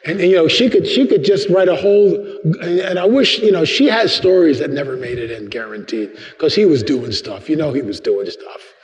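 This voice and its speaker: A man's voice: normal speed, few pauses. A man giving a humorous church talk as a guest speaker, acting out quotes with big jumps in his voice. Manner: animated, acts out quotes with big pitch jumps. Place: large church hall. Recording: long hall reverb, dull sound.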